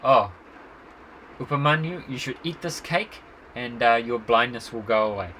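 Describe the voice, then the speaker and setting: Divine physician spirits speak in a coaxing way, as a storyteller puts them on. The voice is bright over faint background noise. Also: male voice, mid-range voice, lively intonation, normal speed, poor audio. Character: celestial healer gods, coaxing.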